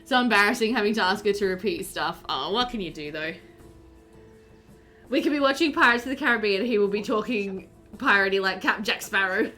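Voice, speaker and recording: A woman's voice: medium pitch, lively intonation, fairly quick, pushed and bright, faint music behind. A woman chatting casually while streaming a game, reading chat aloud and laughing often.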